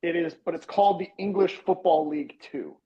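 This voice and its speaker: Guy cohosting a betting podcast, kinda high voice, swears a lot, muffled lo-fi audio. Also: brisk, dark tone. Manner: loose and profane, explains at length. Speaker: podcast co-host. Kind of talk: casual sports betting chat.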